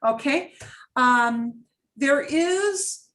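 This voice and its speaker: Slow-talking woman teacher, higher voice. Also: animated, a bit bright. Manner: patient, explains slowly, repeats phrases. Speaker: Spanish teacher. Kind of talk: online class teaching.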